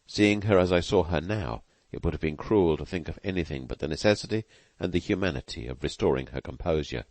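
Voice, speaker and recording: Low-voiced guy reading an audiobook, measured and earnest, dry close sound. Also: darkish tone, no room sound. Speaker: audiobook narrator. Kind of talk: scripted narration.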